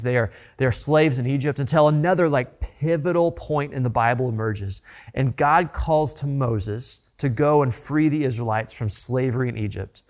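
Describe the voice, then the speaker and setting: A man's voice: mid-range voice, a little mellow. A man preaching a sermon in an earnest way, often repeating words as he builds a point. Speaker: pastor.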